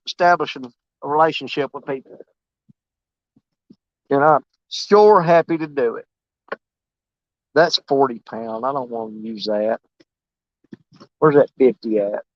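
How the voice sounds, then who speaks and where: A man's voice: medium pitch, no echo, dull audio. A man, rambling and joking about himself as he rigs his fishing rods outdoors for his vlog. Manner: rambling, joking, self-mocking. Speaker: fishing channel host. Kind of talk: casual outdoor vlog talk.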